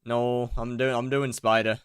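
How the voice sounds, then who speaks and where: A man's voice: mid-range voice, flat delivery, unhurried, clear, resonant tone, dry recording, clean studio sound. A young man streaming a game live, chatting casually and greeting viewers by name as he rambles. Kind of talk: casual live-stream chat while gaming.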